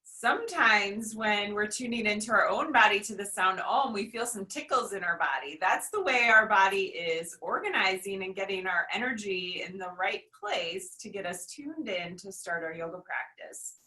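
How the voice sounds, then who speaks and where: A woman teaching a children's yoga class, giving gentle, instructive breathing cues with playful animal noises. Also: mid-range voice, lively intonation, normal speed, hardly any pauses. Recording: echoey room, far from mic.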